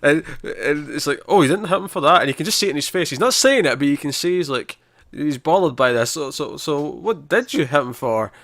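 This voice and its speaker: A man on a review podcast, talking through an episode with excited, tumbling retellings full of false starts. His voice sits at an ordinary pitch. The sound is close and dry. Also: brisk, creaky, no echo. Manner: animated, stumbling retelling with many restarts. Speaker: podcast co-host. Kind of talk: casual review chat.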